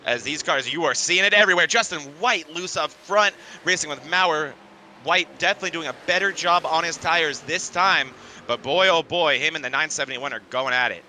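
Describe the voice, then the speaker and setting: A man calling a sim racing broadcast in play-by-play, with energetic, excitable calls. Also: a little high, brisk, slight background noise. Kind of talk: play-by-play commentary.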